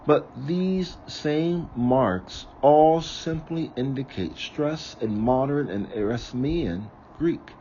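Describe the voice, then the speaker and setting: A man reading aloud from a book, slowly and carefully, sometimes correcting himself. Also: mid-range voice, mellow, highs cut off, slight background noise. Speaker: reader of a book on ritual.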